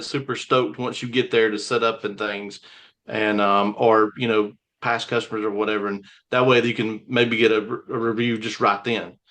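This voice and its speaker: A man on a video call explains a plan in a relaxed, loose way, stopping to correct himself and filling gaps with ums. His voice sits in an ordinary middle range. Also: medium pitch. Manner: casual, loose, with fillers and self-corrections. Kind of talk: casual chat on a video call.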